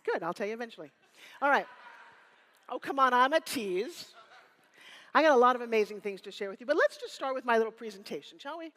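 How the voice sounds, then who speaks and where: A woman in her fifties giving a live motivational keynote on stage, energetic and teasing, rallying the crowd with call-and-response. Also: on the high side, fairly quick, pauses often. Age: 50s. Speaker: motivational speaker. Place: stage before a live audience in a hall. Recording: room reverb.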